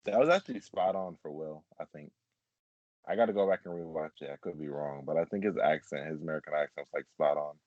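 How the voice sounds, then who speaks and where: A very low-voiced man chatting casually on a fan podcast, rambling along with plenty of "like"s. His voice sits dry and close, with a dull, lo-fi sound to the recording. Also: a little fast, no room sound. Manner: laid-back, rambling with many "like"s. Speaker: podcast co-host. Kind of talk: casual chat.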